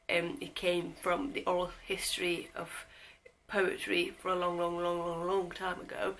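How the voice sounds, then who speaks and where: A woman's voice: mid-range voice, vocal fry, bright, forceful tone, low-quality recording. A young woman giving a casual, rambling book talk to camera, chatty and self-deprecating, with lots of fillers. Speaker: book vlogger.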